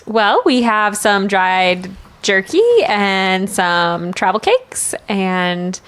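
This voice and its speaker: A woman's voice: mid-range voice, very slow, fairly bright tone, clean tone. A woman playing her character in a tabletop game, friendly and giggly. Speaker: player. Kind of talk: tabletop role-play.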